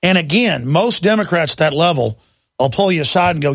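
A man's voice: fairly high pitch, animated, a little fast, a bit bright, no echo. A man hosting a call-in talk radio show, ranting intensely and combatively into a studio mic.

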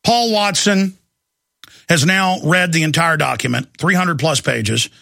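A man's voice: fairly high pitch, measured pace, creaky, pushed and bright, no room sound, studio quality. A man hosting a talk show, delivering an emphatic, alarmist rant. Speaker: talk radio host. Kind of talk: ranting commentary.

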